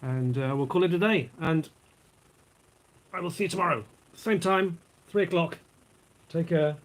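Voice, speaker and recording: A man's voice: a little high, a little slow, low-quality recording. A man, chatting casually on his vlog as he reads out trivia, rambling into asides while he eats and drinks. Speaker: vlogger.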